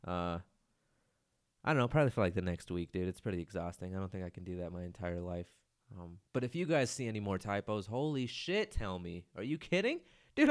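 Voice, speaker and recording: Casual solo podcast host: a man with a lowish voice who rambles, mocks himself and swears freely. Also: clean tone. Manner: rambling and self-mocking, swears and says "dude" often.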